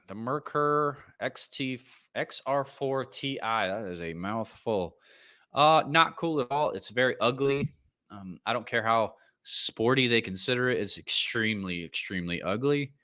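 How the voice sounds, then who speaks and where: Blunt, profane podcast host, bright voice. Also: male voice, fairly low pitch. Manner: blunt, profane, opinionated, rants loudly then apologizes. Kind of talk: casual ranting commentary.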